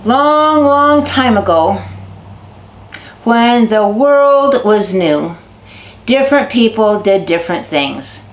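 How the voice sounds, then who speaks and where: A woman telling animal folk tales to children, lively and dramatic, stretching words for effect. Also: medium pitch. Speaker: storyteller. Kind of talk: storytelling to children. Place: basket making barn. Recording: echoey barn recording.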